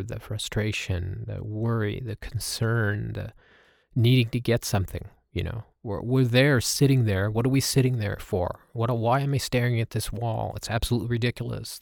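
A man telling a reflective personal story as a host, halting and with many fillers. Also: on the low side, creaky, darkish tone, no room sound, clean studio sound. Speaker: podcast host. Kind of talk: personal storytelling about meditation.

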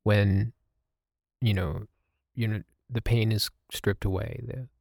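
A man telling a reflective personal story as a host, halting and with many fillers. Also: fairly low pitch, steady tone, creaky, a little mellow, no room sound, clean studio sound. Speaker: podcast host. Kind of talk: personal storytelling about meditation.

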